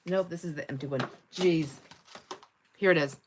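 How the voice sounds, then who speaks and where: A woman's voice: deep voice, normal speed, background noise. Chatty, laughing woman livestreaming while crafting. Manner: chatty, laughs often, reads viewer comments aloud. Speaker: livestream host.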